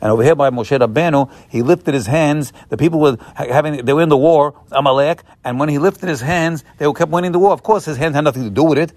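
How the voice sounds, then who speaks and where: A man's voice: on the high side, fast, few pauses, darkish tone, no echo. Emphatic man giving a Torah lecture. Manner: repetitive, emphatic, folksy, with Hebrew terms. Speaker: rabbi teaching a Torah class. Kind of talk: sermon-style Torah lecture.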